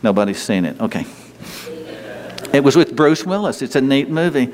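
A man preaching a sermon in an emphatic, conversational way, sometimes jumping into a high, whiny voice to mock complainers. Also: expressive, moderate pace, a little mellow. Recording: long hall reverb.

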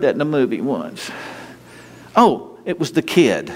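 A male preacher delivering a sermon in a lively, conversational style. His voice sits at an ordinary middle pitch. It carries the long, echoing reverb of a big hall. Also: a little slow, pauses often. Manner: emphatic, conversational preaching with sudden high mocking whines.

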